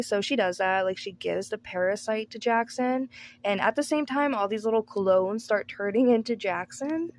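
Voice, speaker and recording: A woman's voice: medium pitch, moderate pace, slight background noise. A woman recapping a movie in casual commentary, sarcastic and profane, with "like" in nearly every sentence. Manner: sarcastic, profane, says "like" constantly. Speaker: movie reviewer.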